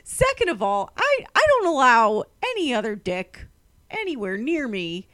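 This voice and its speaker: A woman's voice: a little high, big pitch swings, normal speed, fairly bright tone, dry recording. A woman in casual chat, telling stories animatedly and acting out the voices of people she quotes.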